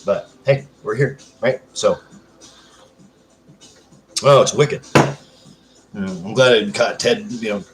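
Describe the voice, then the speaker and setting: A man's voice: lowish voice, takes it slowly, pauses often, music in the background. Male streamer, casual home live-stream chat, crude and joking with viewers.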